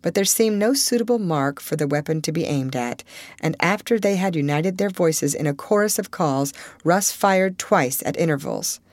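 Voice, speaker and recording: A woman narrating an audiobook in a measured, expressive style. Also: fairly low pitch, no echo, studio quality. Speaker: audiobook reader.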